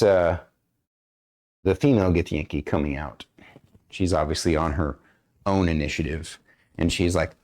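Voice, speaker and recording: A man acting as dungeon master on a game stream, talking loosely with many fillers and often clearing his throat. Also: low voice, a little mellow. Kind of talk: running a tabletop game stream.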